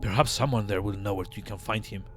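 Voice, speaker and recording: Man doing raspy old scribe, frail, solemn, slow, weary, low and hushed. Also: faint music behind, natural voice. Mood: disdainful. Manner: slow solemn speech broken by coughing rasp. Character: frail ancient male mortuary scribe, grave and weary. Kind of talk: reading game dialogue aloud in character.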